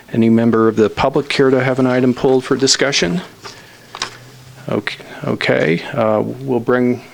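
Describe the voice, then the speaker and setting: Gravelly man chairing a council meeting. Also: mid-range voice. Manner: halting, with many fillers and restarts. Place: council chamber.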